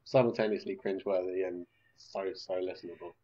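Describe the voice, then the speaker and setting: A man who is a game designer, guesting on a podcast and chatting casually with dry, quick-witted jokes. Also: low-pitched, fairly even intonation, warm tone, slightly rough, dull audio. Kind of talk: casual chat.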